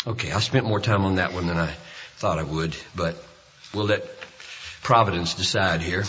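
An older man preaching a sermon at a rally, telling stories with loud emphasis and hushed asides. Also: medium pitch, breathy edge. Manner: animated storytelling, swings between loud emphasis and hushed asides. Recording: dull reverberant hall recording.

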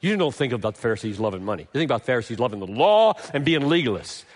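A middle-aged male pastor preaching a sermon, swinging from emphatic lines to hushed, tender ones. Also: medium pitch, sing-song, very fast.

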